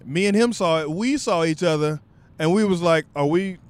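Profane storytelling guy, slightly high voice. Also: normal speed. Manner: loose, profane, conversational. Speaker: vlogger. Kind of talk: casual comic storytelling.

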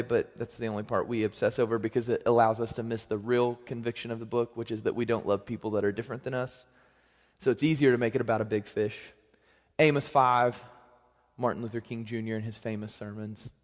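A young man preaching a sermon as pastor, in a conversational, joking manner with lively swings in pitch and loudness. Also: a little fast. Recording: long hall reverb.

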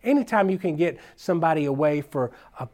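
A man who is a children's minister, telling stories at a conference in an animated, folksy way with casual slang. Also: a little high, brisk. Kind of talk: storytelling conference talk.

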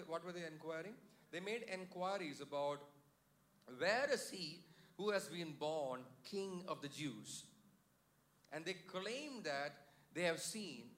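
Man preaching a sermon, fairly high voice. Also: fairly bright tone. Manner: call-and-response with congregation; paraphrases scripture with many fillers and restarts. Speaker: pastor. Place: church.

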